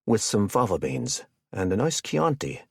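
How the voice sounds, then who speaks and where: A man's voice: low-pitched, expressive, moderate pace, darkish tone, dry recording, studio quality. A man playing a jovial, sadistic male hitman who chats and jokes while he menaces his captive. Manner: chatty, joking, casually menacing.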